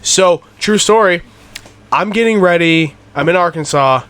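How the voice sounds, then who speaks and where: A man in a casual podcast chat, telling an animated, profane story. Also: high-pitched, a little slow, over a noisy crowd. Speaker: podcast guest.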